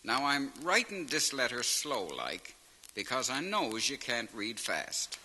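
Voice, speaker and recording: Male comic as green farm-boy soldier, lively bright voice, hissy reverberant record. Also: mid-range voice, takes it slowly, exaggerated voice. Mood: naive. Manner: simple, earnest dialect storytelling. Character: naive young male rural soldier writing home. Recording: reverberant vinyl transfer with faint hiss.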